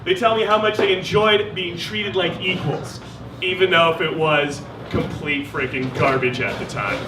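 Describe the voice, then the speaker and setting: Wry high-voiced stand-up man on stage. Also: moderate pace, recorded from a distance, noisy background. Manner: wry deadpan delivery with mock-voiced quotes. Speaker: stand-up comedian. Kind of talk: stand-up set. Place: live comedy venue. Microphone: stage mic. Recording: roomy live venue with crowd. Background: audience laughter.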